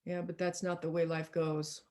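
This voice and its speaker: A woman minister preaching slowly and reflectively over a video call, pausing and restarting often, tired as she speaks. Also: fairly low pitch, little pitch movement, warm tone. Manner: slow, reflective, with many restarts and pauses.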